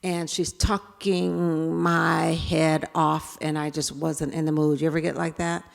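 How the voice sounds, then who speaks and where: A woman speaker telling stories to an audience in an animated way, acting out scenes. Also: low-pitched, a little slow, gravelly. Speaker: keynote speaker. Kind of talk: storytelling talk to an audience. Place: event hall. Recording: reverberant hall.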